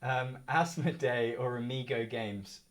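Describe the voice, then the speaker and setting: A man's voice: mid-range voice, fairly even intonation, a little slow. A young man co-hosting a live game show stream, joking around and reading viewer comments aloud.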